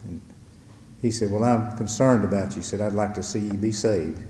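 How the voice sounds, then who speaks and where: An older pastor tells a story to his church in an unhurried, folksy way. His voice is mellow and dark. It rings out in a roomy hall with a long, echoing reverb. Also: lowish voice, slight background noise. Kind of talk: storytelling testimony to a congregation.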